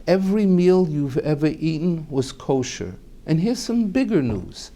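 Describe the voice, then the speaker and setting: A man voicing a calm, secretive wife who confides quietly and firmly. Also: on the high side, measured pace.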